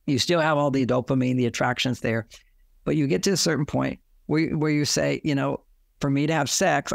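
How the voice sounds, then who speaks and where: A man's voice: on the high side, creaky, dry recording, studio quality. A man giving relationship advice in a rambling way, acting out quoted lines as he goes. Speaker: relationship author and guest. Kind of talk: advice talk.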